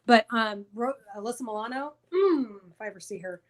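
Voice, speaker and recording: Blunt, cursing higher-voiced woman. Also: expressive, a little fast. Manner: blunt, profane and emphatic. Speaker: podcast co-host. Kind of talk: casual podcast discussion.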